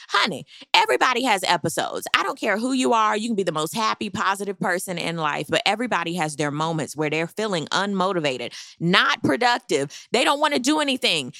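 A woman casually recapping a reality show with sassy, animated commentary and high squealing reactions. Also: gravelly, no room sound, studio quality.

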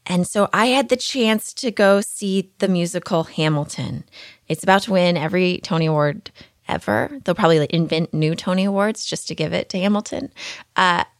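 A woman's voice: fairly low pitch, moderate pace, no room sound, studio quality. A woman hosting her own podcast, talking through a personal story in a chatty, candid, self-deprecating way. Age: adult mother. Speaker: podcast host. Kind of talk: casual podcast monologue.

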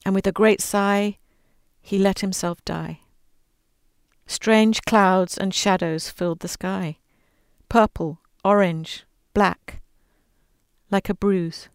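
Earnest, expressive woman with smooth voice. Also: medium pitch, no echo, studio quality. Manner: earnest and expressive, voicing quoted lines. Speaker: guest author reading her book. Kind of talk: conversational interview, then storybook read-aloud.

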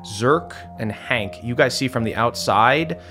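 A man's voice: medium pitch, animated, measured pace, sharp tone, soft background music. A man narrating as game master of a tabletop game, in a loose, descriptive way with frequent fillers.

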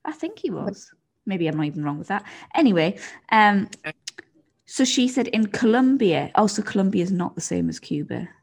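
A woman's voice: medium pitch, sing-song, normal speed, a little mellow, breathy edge. A woman co-hosting a podcast, chatting casually and rambling with lots of fillers. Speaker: podcast co-host. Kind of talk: casual chat.

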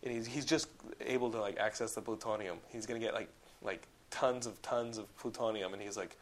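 On a film-review podcast, this co-host talks fairly quickly in a voice on the low side. He rambles casually, says "like" a lot, and swears with animated energy.

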